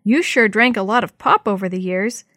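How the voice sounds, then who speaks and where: A woman's voice: medium pitch, normal speed, fairly bright tone, dry recording, studio quality, natural voice. A woman reading as a curious, joking boy. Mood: eager.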